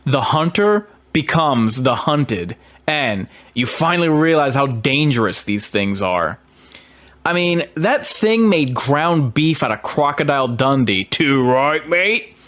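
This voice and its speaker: A man's voice: mid-range voice, sing-song, measured pace, a bit bright. A man, a horror host, talking through a film in an emphatic, argumentative monologue with hesitant restarts.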